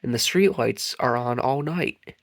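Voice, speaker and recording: A man voicing an excitable young dump-truck machine who stammers when he's scared, in a storybook reading. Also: mid-range voice, unhurried, vocal fry, no room sound, studio quality. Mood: chatty.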